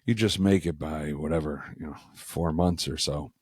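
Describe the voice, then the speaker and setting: A man hosting a podcast, opening the episode and joking in relaxed banter with his co-hosts. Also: extremely low pitch, moderate pace, breathy edge, no echo, clean studio sound. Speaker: podcast host. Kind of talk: casual chat.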